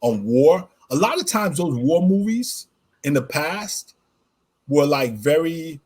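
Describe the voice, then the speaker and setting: A man co-hosting a podcast, telling a personal story in casual chat, animated and laughing as he goes. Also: a little high, takes it slowly, slightly rough. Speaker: podcast co-host.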